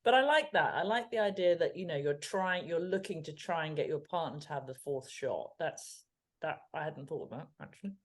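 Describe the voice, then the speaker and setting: A woman from just outside London co-hosts a casual podcast, her Home Counties English accent bright with anecdotes. Her voice sits on the lower side, and she talks in a chatty way, laughing often. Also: animated, a little fast. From England. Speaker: podcast co-host. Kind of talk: casual chat.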